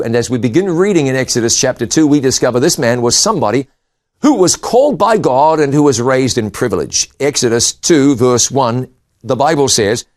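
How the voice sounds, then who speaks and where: Man, preacher, sermon, expressive scripture reading. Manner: expressive Bible reading with shifting pitch and volume.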